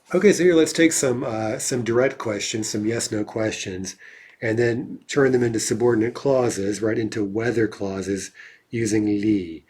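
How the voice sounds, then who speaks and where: A man's voice: mid-range voice, a little mellow, husky. A man giving an explanatory grammar lecture as a language teacher, often checking in with a questioning "right?".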